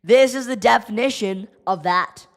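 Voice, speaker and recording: A woman streaming live hockey play-by-play, exasperated and ranting at the team, her voice going hoarse. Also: mid-range voice, moderate pace, big-room sound. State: losing voice.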